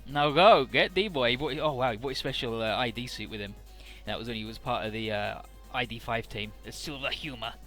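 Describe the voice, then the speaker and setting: A man's voice: medium pitch, bright, forceful tone, faint music behind. A man hosting a casual game playthrough, recapping the story and swearing casually. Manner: paraphrases dialogue in quick put-on snippets. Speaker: let's-play host.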